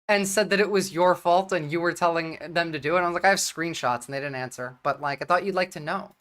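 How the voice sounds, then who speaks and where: A woman with a New Jersey accent streaming and talking bluntly, swearing often and speaking in quick bursts. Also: lowish voice, a bit bright. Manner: blunt, profane, rapid-fire. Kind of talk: livestream commentary.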